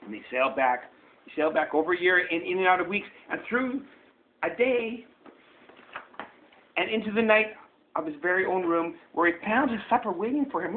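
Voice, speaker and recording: A man's voice: sits high, normal speed, long pauses, a little hiss or hum. A man reading a picture book aloud to his young son at home, playful and coaxing, breaking off to point at pages and roar. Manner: animated, coaxing, playful roaring. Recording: tinny phone-like home video sound.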